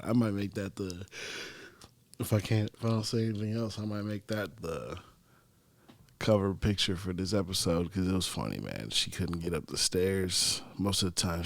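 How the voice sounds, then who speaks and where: On his own solo podcast, a young man chats casually and rambles through stories in a loose, profane, offhand manner. His voice is low-pitched, recorded dry.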